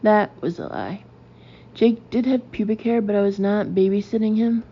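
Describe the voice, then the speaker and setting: Gravelly woman reading a comic memoir. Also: mid-range voice, moderate pace, lo-fi sound. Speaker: audiobook narrator. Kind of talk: comic memoir audiobook narration.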